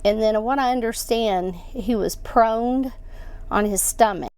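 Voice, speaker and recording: A woman giving a personal account as an interview guest, halting and emotional, with many restarts. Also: on the high side, darkish tone, clear, resonant tone, no echo.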